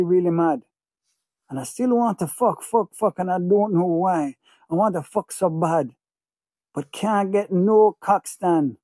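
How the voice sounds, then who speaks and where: A man's voice: on the high side, mellow, dry recording. Male audiobook narrator, obsessive and feverish, dry close recording. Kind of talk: first-person audiobook narration.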